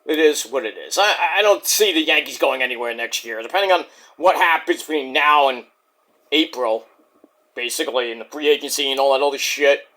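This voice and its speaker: A man hosting a casual, profane wrestling review, jokey and animated, who keeps breaking into impressions. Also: medium pitch, brisk. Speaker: wrestling reviewer, channel host.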